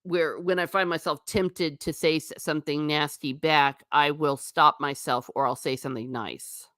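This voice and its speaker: A low-pitched woman with a fairly bright tone and fairly even intonation speaks at a moderate pace. As a livestream host, she's chatty and emphatic, reading viewer comments aloud, replying, and repeating for effect. The recording is dry and clean, studio-grade.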